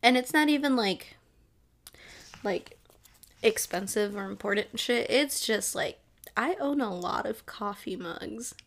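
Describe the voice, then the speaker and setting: A woman's voice: medium pitch, unhurried, creaky. A young woman hosting a casual solo podcast from home, rambling, laughing often and swearing freely. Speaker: podcast host. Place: home room with air conditioner.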